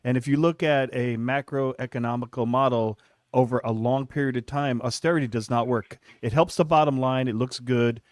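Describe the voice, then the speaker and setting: A man co-hosting a call-in radio show, chiming in with wry, deadpan asides. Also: medium pitch, normal speed, no room sound, clean studio sound. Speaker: radio co-host.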